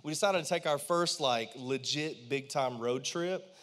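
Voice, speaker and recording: A man's voice: mid-range voice, measured pace. Pastor in his thirties, conversational preacher who keeps asking the congregation to respond. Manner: conversational and animated, asks the congregation questions. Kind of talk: sermon. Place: church.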